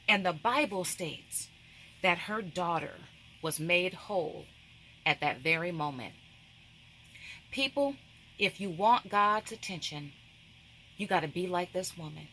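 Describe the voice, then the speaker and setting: A woman's voice: lowish voice, lively intonation, measured pace, pauses often, pushed and bright, a little hiss or hum. A woman, hosting a craft devotional and preaching with emphatic repetition, often calling out to "people". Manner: emphatic, repeats phrases, calls out to "people".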